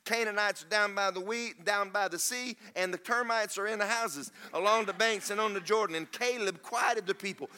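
A man with a drawl preaches a sermon, his voice sitting high and ringing bright. He mixes folksy jokes with emphatic, driving preaching. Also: normal speed, hardly any pauses, clean tone. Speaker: pastor.

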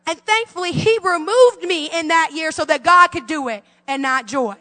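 A woman's voice: very high voice, moderate pace, bright, forceful tone, long reverb tail. A woman in her forties preaching a fervent sermon as pastor, calling out to her congregation in a church sanctuary. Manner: fervent preaching with call-and-response.

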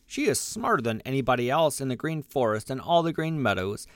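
A man's voice: mid-range voice, sing-song, fairly quick, no room sound, close to an everyday voice. A man voicing a proud, hot-tempered young male fox in a storybook reading, snappish and boastful.

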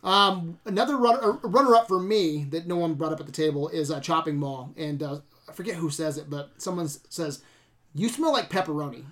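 A man's voice: on the high side, brisk, a bit bright. A man chatting casually about horror films on a podcast, enthusiastic, swearing and laughing often. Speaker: podcast co-host.

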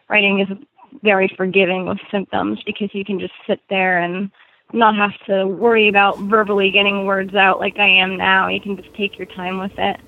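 Breathless woman in her 20s chatting on a podcast, lots of vocal fry, kinda muffled audio. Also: medium pitch, dry recording. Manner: chatty, laughs often, restarts. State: short of breath. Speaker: guest author. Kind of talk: casual podcast interview. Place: home in Florida. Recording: dull lo-fi audio.

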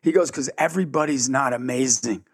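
Here the man is a guest in an interview, a ministry founder recounting a story with great energy and acting out each person in the conversation. His voice is husky and medium-pitched, with no echo, and he switches gears fast.

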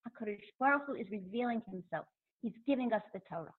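A woman teaching a Torah lecture, animated and acting out the quotes she cites. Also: medium pitch, fast, breathy edge. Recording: thin phone-like line.

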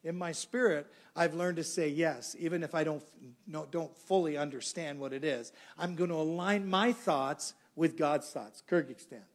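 A man's voice: on the high side, moderate pace, hardly any pauses. A middle-aged male pastor preaching a sermon, telling a story and acting out the dialogue. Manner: animated storyteller, acts out dialogue.

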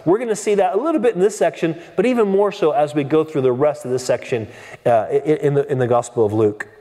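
A man preaching from the pulpit, his voice sitting a little high for a man and trailing off in the long reverb of a big church hall. He talks earnestly, restarts his sentences often and drives his points home with emphatic questions. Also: fast, mellow. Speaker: pastor. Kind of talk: expository sermon.

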